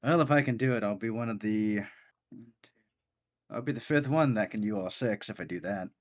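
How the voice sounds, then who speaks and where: A man voicing a friendly male fighter who teaches a secret technique, with a chatty, halting way of talking in a tabletop game. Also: lowish voice, close to an everyday voice. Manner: easygoing, chatty, with halting restarts. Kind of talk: tabletop role-play voicing.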